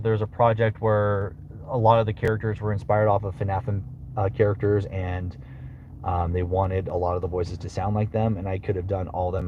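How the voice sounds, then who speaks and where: A man's voice: fairly low pitch, lo-fi sound, slight background noise. A young man hosting his live stream as a voice actor. He answers viewers casually, rambling with fillers and swearing now and then. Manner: lively, swears casually, drops into character voices between answers; rambling with many fillers and restarts.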